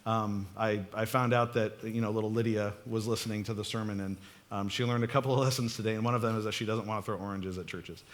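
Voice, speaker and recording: A man's voice: on the low side, fairly even intonation, fast talker. A young adult man, a pastor, giving a casual, storytelling sermon in church, joking and laughing often as he talks to the congregation. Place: church sanctuary.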